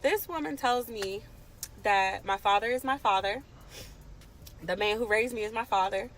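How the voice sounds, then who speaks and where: A woman's voice: medium pitch, normal speed, slight background noise, low-quality recording. A woman in her late twenties from the Washington DC area, telling a personal story to camera in an emphatic, impassioned way. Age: late 20s.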